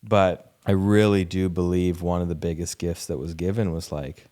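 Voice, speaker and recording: A young man with a very low voice hosts a candid podcast conversation. He talks openly and with animation, acting out little quoted lines and dropping casual swears. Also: fairly even intonation, moderate pace, mellow. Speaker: podcast host.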